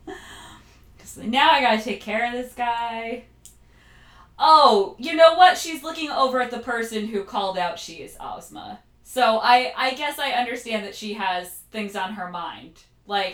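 A chatty woman co-hosting a podcast, her voice sitting a touch high and often breaking into laughter. She sounds a little off the mic, with a roomy echo around her. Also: expressive, measured pace, a bit bright, far from the mic. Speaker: podcast co-host. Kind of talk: casual chat.

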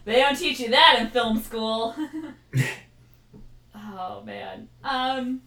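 Over a video call, a podcast host chats casually, laughing a lot and trailing off into hesitant fillers. Her voice is a little high, gravelly, pushed and bright, and she speaks slowly. The recording has a roomy echo.

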